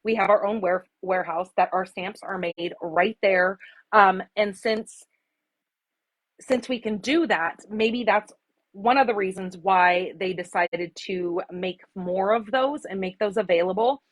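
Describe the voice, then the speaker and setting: Woman, 40s, from Arizona. Casual craft livestream host, chatty and easily moved. Mid pitch, dry close mic. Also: measured pace, dry recording, rough recording. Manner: chatty, emotional, greets viewers by name. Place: home craft room.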